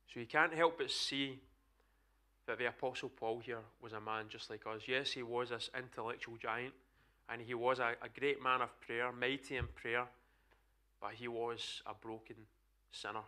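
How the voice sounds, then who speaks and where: A man's voice: mid-range voice, steady tone, normal speed, pushed and bright. A man with a Scottish accent preaching an earnest, emphatic sermon to a church congregation. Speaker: pastor.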